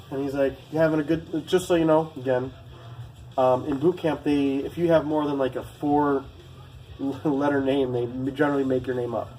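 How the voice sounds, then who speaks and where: A former Marine recruit telling a story to camera in a casual, rambling, profane way, full of asides. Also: male voice, mid-range voice, a little mellow, slight background noise, poor audio.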